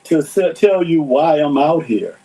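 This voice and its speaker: A man who fundraises, chatting as a podcast guest, agreeable and quick to laugh. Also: a little high, expressive, low-quality recording. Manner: agreeable, laughs often, restarts. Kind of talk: casual conversation.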